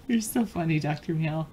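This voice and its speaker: A woman's voice: fairly low pitch, dark tone, slight background noise. A woman co-hosting a live stream in casual chat, answering viewers and reading trivia questions aloud. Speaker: co-host and trivia reader.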